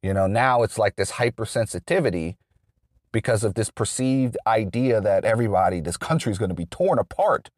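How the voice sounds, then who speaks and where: A man talks through a long, unscripted political monologue. His voice sits on the low side and the sound is close and dry, with no room echo. He rambles, restarts his sentences and leans on fillers as he works through his points. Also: lively intonation, brisk. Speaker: political commentator.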